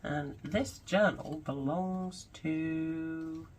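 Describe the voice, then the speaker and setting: A woman's voice: low-pitched, fairly even intonation, drawn-out words, darkish tone, soft background music, low-quality recording. A woman at her home crafting table, gushing and musing aloud as she chats casually through her craft supplies. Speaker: craft vlogger.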